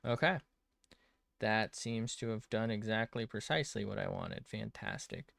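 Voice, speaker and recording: A man's voice: on the low side, expressive, moderate pace, creaky, fairly bright tone, no echo, studio quality. A man streaming himself drawing, muttering to himself in casual commentary, swearing often and joking at his own expense.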